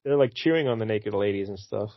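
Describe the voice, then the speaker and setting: A man's voice: fairly low pitch, fast, no echo, lo-fi sound. A man co-hosting a casual comic book talk, retelling the story and briefly acting out characters' lines. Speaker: podcast co-host.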